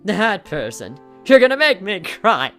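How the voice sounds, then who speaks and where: A woman's voice: mid-range voice, very animated, measured pace, faint music behind. A woman voicing an anxious teenage boy who loves digging, pleading and upset, read aloud from a game. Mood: touched.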